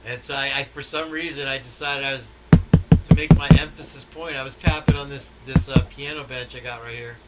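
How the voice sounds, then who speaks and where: A man's voice: medium pitch, fairly even intonation, fairly quick, over loud music. A man hosting a casual conspiracy podcast, rambling and repeating words as he thinks. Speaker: podcast host.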